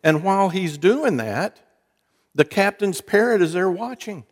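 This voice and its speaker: A man delivers a sermon in a church sanctuary, spinning folksy jokes and wry asides for his congregation. His voice sits a little high, and it rings out with a long hall reverb. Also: animated, unhurried. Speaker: preacher.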